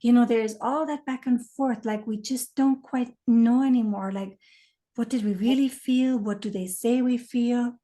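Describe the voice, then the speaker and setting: A woman being interviewed, explaining things thoughtfully and letting her lines trail off softly. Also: a little high, steady tone, a little slow. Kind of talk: conversational interview.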